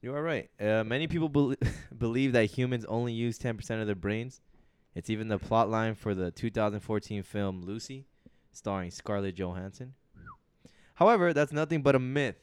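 A man's voice: fairly low pitch, normal speed, smooth, no echo. A man co-hosting a casual podcast, rambling and joking as he leads topics. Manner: laid-back, rambling, joking. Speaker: podcast co-host.

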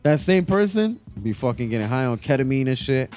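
A young man trades jokes on a casual podcast, stretching out his teasing lines. His voice sits at an ordinary middle pitch. Faint music plays underneath. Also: big pitch swings, brisk, darkish tone. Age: young adult. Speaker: podcast co-host. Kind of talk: casual banter.

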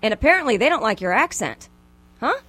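A woman's voice: on the high side, big pitch swings, fairly quick, fairly bright tone, no echo. A woman co-hosting a radio show, introducing and playfully teasing a guest.

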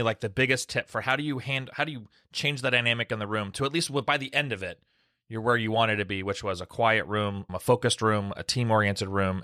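Fast-talking bright-voiced man. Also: mid-range voice, no echo, clean studio sound. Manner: fast, animated storytelling with acted quotes. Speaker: podcast host, emergency clinician. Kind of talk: casual panel discussion.

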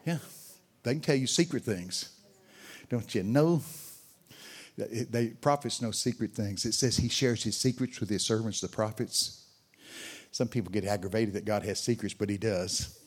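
Here an older man serves as a guest speaker at a sermon, his lowish voice carrying a breathy edge. He talks at a normal speed with long pauses, telling stories and chatting with audience members.

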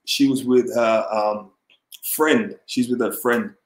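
A man with a mid-range voice speaks slowly and with fairly even intonation, casually telling a long personal story as a podcast guest. He rambles, using lots of fillers and restarts. The recording has a roomy echo.

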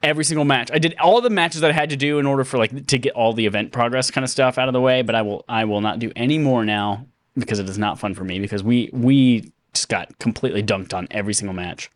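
A man's voice: mid-range voice, fast, no room sound. A man co-hosting a podcast, chatting casually and laughing often. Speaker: podcast co-host. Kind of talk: casual chat.

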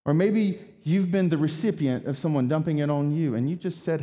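A man preaching a sermon as pastor, talking in a conversational, animated way with rhetorical asides. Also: fairly high pitch, a little fast, big-room sound.

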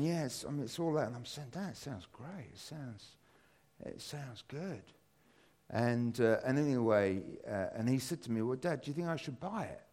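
A British man in his fifties giving a church talk, telling a personal story with lots of fillers. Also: medium pitch. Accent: British English. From Britain. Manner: rambling, animated storytelling with many fillers. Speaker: church speaker.

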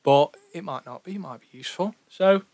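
Young male co-host with a Stoke accent, slightly high voice, rambling and chatty, dry close-mic sound. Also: a little fast, vocal fry, darkish tone, no echo. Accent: Stoke-on-Trent English. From England. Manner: rambling, chatty, self-deprecating. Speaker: podcast co-host, record label founder. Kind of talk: casual podcast chat.

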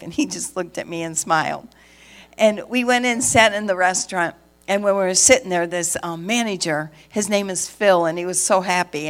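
Middle-aged woman preacher, slightly low voice, lively storyteller who acts out every line of dialogue. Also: moderate pace. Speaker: pastor's wife and preacher. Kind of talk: sermon testimony.

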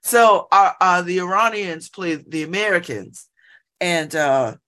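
A woman in middle age chats casually from her home, sitting by an open window. Her voice sits on the low side but moves around a lot, rising and falling as she talks. She laughs often and keeps breaking off into animated asides. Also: slow pace, pauses often. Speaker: vlogger. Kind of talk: casual monologue.

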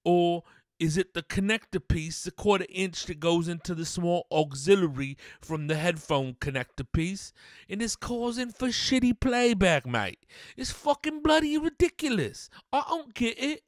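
A man's voice: high-pitched, animated, normal speed, no room sound, studio quality. A man hosting a podcast who puts on a fake British accent and rants angrily in slang, swearing a lot. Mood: irritated rant. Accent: put-on British. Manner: angry, rambling rant. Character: man in a mock British persona, irritable and ranting. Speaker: podcast host. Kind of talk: solo podcast monologue.

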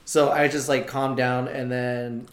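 A man's voice: medium pitch, little pitch movement, a little slow. A young man telling a story in casual chat, swearing and laughing as he goes. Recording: echoey room.

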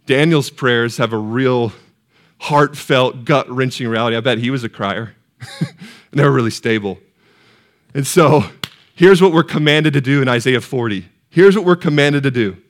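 Male pastor, mid-pitched voice, sermon delivery: quiet and tender one moment, rising to loud peaks the next, questions to the room. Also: normal speed. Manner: passionate, swings from hushed to soaring shouts; asks the congregation questions. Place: church sanctuary.

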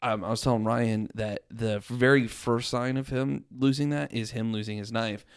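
A man in a casual film chat, animated and swearing as he acts out his reactions. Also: mid-range voice, normal speed, clear, resonant tone, no echo, studio quality. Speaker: film reviewer.

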